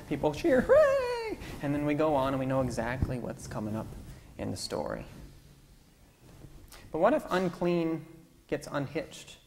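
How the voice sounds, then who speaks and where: A man's voice: medium pitch, vocal fry, a little mellow, slight background noise. A male pastor giving an interactive sermon, conversational and coaxing the congregation to call out answers. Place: church sanctuary. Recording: long church-hall reverb, faint ambience.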